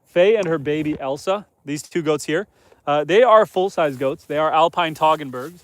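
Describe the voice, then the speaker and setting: A man from Northern Canada walks his homestead with a phone camera, chatting to viewers in a loose, rambling way. His voice sits slightly high for a man. The sound is close and dry, with no reverb from the open air around him. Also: normal speed. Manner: relaxed, rambling, reads viewer comments aloud. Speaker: homesteader live-streaming host. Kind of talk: casual live-stream chat. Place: outdoors on a homestead farm among animals.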